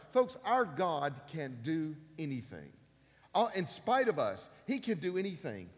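A man in his fifties preaches emphatically, repeating key phrases and climbing to loud, forceful peaks. His voice sits fairly high, and it rings with the long reverb of a church hall. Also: big pitch swings, a little slow. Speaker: pastor. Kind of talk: sermon.

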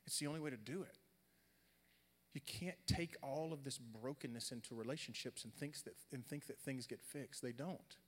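Animated male preacher in a reverberant hall. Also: medium pitch, normal speed. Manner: animated, swings from loud storytelling to quiet earnest talk. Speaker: pastor. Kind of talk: sermon storytelling.

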